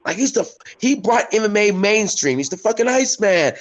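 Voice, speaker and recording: A man's voice: sits high, lively intonation, fairly quick, low-quality recording. A man who fights professionally, chatting on a podcast over a video call, rambling and swearing with lots of fillers. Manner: rambling and profane, heavy fillers. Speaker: professional MMA fighter guest. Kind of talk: casual podcast chat.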